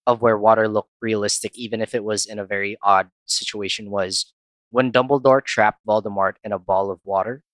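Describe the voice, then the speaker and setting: A young man in casual chat, talking quickly and laughing often. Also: fairly low pitch, steady tone, fairly bright tone, dry recording. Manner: chatty, laughs often, jokey put-on voices.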